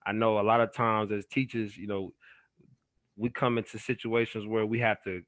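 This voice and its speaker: A man's voice: lowish voice, little pitch movement, normal speed, fairly bright tone, no room sound. A man who hosts a podcast and works as an educator, talking in a casual, earnest and affirming way.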